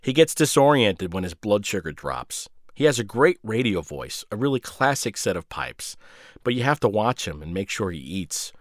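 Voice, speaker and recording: A man's voice: lowish voice, no echo, clean studio sound. Sardonic man narrating a first-person story. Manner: sardonic, biting.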